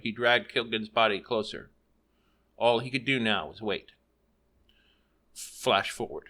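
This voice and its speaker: A man's voice: mid-range voice, sharp tone. A man reading a fantasy story aloud, with small slips and self-corrections as he goes. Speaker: audiobook narrator.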